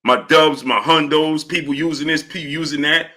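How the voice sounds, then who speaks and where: A man hosting a live stream, greeting viewers by name and repeating catchphrases in a lively way. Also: a little high, moderate pace. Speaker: live-stream host reading viewer chat. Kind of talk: casual live-stream chat.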